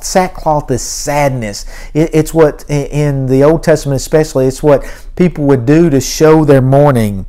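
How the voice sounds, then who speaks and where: A male preacher with a warm, somewhat high voice delivers an earnest sermon at a moderate pace in a church sanctuary. He reads scripture aloud, building emphasis as he goes.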